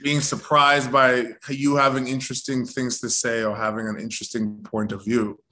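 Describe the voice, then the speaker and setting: This male actor, at medium pitch and a moderate pace, shares a story in an easygoing interview, bringing it to life by imitating the voices of the people in it.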